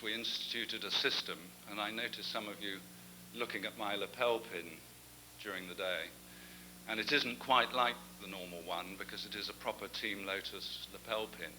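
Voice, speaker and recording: A man's voice: on the low side, sharp tone, slight background noise, rough recording. An older man with an English accent giving a genial, anecdotal after-dinner speech as the guest speaker.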